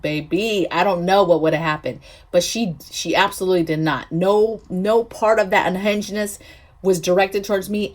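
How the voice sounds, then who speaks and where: A woman hosting a prepping vlog, telling a story in a chatty, emphatic way, often checking in with her viewers. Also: lowish voice. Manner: chatty, emphatic, frequent "okay?" asides. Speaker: prepping channel host.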